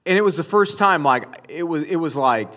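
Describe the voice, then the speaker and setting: A man's voice: on the high side, animated, fairly quick, a bit bright. A man giving a sermon, telling a personal story to his audience in a rambling way with many restarts and fillers. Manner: addresses the audience directly.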